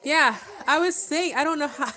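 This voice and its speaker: A tired mother chatting casually on her vlog while soothing her baby, talking to him in a gentle sing-song way. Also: sits high, normal speed. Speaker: mother vlogger.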